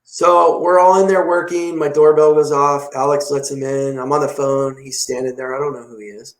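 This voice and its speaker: A man's voice: on the high side, moderate pace. A man who runs a detailing shop, telling stories in casual podcast talk and acting out the dialogue. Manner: animated, acts out dialogue in story. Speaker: detailing shop owner, guest. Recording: roomy echo.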